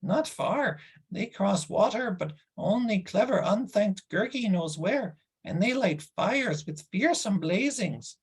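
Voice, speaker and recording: A squeaky, whining hairy forest creature, begging and wheedling in strange rhyming words. The voice sits far above a grown man's usual pitch and keeps a husky edge. It sounds like a storybook beast cringing for a treat. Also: animated, takes it slowly, few pauses, heavily acted. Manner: speaks in odd rhyming '-ings' words, wheedling. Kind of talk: audiobook character voice.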